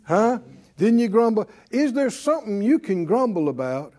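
A man's voice: high voice, sing-song, normal speed, a little mellow. A man preaching a sermon, who keeps quizzing his listeners with "Huh?". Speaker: preacher and Bible teacher.

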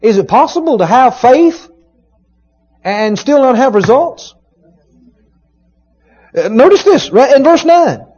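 A man preaching a sermon, retelling a story with emphatic, dramatic rising shouts. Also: extremely high pitch, big pitch swings, slow, pauses often, husky. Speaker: pastor. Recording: dull lo-fi sermon recording.

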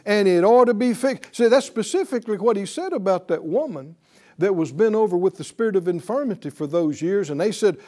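Male preacher, fairly high voice, very lively pitch, emphatic, questions the congregation. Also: fairly quick. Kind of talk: sermon.

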